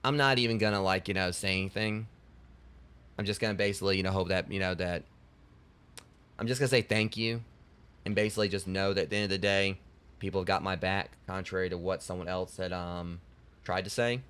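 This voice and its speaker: A male streamer talking casually to his live chat with a slightly low voice. He rambles and jokes loosely, with frequent restarts. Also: fairly even intonation, fairly quick, fairly bright tone, smooth.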